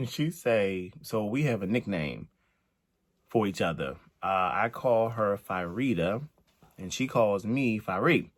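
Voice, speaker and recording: A man's voice: on the low side, expressive, slow. A man co-hosting a storytime chat, playful and chatty, with teasing asides and laughter. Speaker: co-host.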